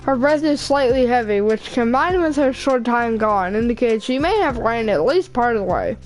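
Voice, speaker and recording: A woman's voice: a little high, lively intonation, moderate pace, faint music behind, poor audio. A woman YouTuber reading a visual novel aloud, casually correcting herself and apologizing to viewers.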